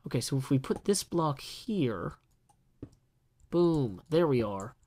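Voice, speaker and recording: A man's voice: mid-range voice, very animated, takes it slowly, mellow. A man casually talking through his building work in a video game, chatty and self-deprecating, with jokey asides. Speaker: gameplay video host. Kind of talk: casual solo gameplay commentary.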